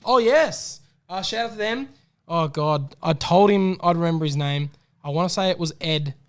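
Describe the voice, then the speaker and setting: Chatty man with a smooth voice. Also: on the high side, normal speed. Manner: chatty, excitable, gives shout-outs. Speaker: podcast co-host. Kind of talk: casual racing tips chat.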